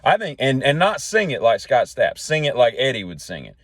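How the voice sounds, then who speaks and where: A man's voice: mid-range voice, very animated, a little fast, a bit bright, breathy edge, no echo, clean studio sound. A man hosting a solo talk show, rambling from one joking tangent to the next in a folksy way. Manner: jokey, tangent-jumping, folksy. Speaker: podcast host.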